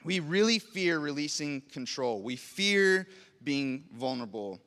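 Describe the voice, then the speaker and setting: A man's voice: a little high, expressive, a little slow, sharp tone. A young adult man preaching a sermon in a church, earnest and personal, asking rhetorical questions and telling stories from his own life. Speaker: pastor. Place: church sanctuary. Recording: long reverb of a large hall.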